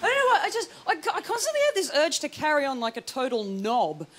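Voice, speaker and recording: A woman's voice: high-pitched, huge pitch swings, fast talker, slight background noise. An Australian woman performing a stand-up comedy set, chatty and rambling with plenty of ums. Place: TV studio stage before a live audience. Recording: loud studio audience laughter.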